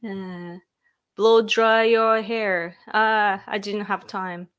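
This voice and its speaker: A woman's voice: medium pitch, steady tone, very slow, fairly bright tone, clear, resonant tone. A woman from Japan with a Japanese accent, hosting a casual livestream chat from a room at home, laughing often and filling with "like". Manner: chatty, giggly, filler-heavy, reads out comments. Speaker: livestream host.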